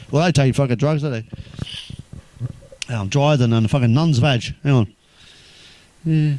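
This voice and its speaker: An English man doing crude stand-up, swearing constantly and telling deadpan one-liners. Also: medium pitch, unhurried, long pauses, slight background noise. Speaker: stand-up comedian.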